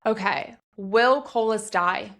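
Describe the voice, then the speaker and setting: A woman co-hosting a book podcast, her voice sitting at an ordinary middle pitch. She talks casually and thinks out loud, leaning on "like" as she works through ideas. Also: slow pace. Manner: thinks aloud, with many "like" fillers. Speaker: podcast co-host.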